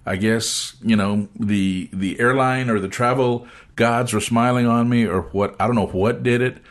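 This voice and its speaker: A man hosting an interview, telling a travel story in a relaxed, chatty way and acting out the people in it. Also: mid-range voice, measured pace. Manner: animated storyteller acting out dialogue. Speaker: podcast host.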